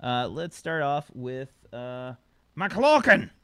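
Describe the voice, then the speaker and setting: A man hosting a sci-fi role-play show, introducing it in a rambling, halting way with many fillers. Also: mid-range voice, very animated, fairly bright tone, clean tone, no room sound. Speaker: host and game master.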